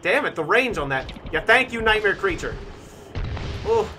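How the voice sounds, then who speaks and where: A man live-streaming a survival game, talking through his moves as he plays, now and then breaking into shouts. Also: high-pitched, moderate pace, background noise. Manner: animated, thinking aloud, bursts of shouting. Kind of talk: live-stream gameplay commentary.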